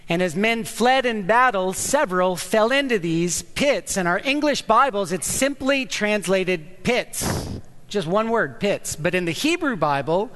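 A man preaching a sermon as pastor, emphatic and animated, repeating words for stress. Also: sits high, in a large hall.

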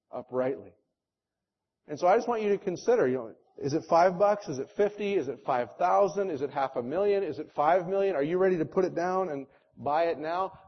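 A male pastor preaching an impassioned sermon that moves between loud, urgent exhortation and quiet, earnest prayer. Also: a little high. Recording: dull lo-fi sermon recording.

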